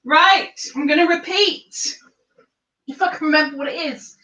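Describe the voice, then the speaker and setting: A woman's voice: sits high, normal speed, bright, forceful tone. A woman hosting a casual live chat, quizzing her viewers in a chatty, giggly way. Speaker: host. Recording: echoey room.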